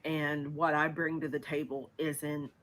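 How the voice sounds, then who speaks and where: A woman in a played vlog clip, talking haltingly and anxiously about her feelings. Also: sits low, flat delivery, fairly bright tone, slight background noise. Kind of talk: personal confessional vlog.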